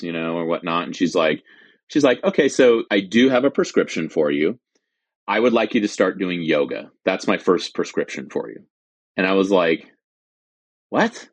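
Speaking in a low voice on a dry recording, this American veteran in his forties tells his own story as a guest. He's earnest and open, voicing the dialogue from past conversations as he recounts them.

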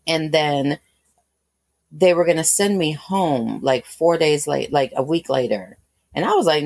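A woman in her thirties recounts a painful personal story in a long, rambling, candid way, full of fillers and restarts. Her voice sits very low. The recording is dry and close, with no room sound. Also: unhurried, a little mellow, dry recording. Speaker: guest.

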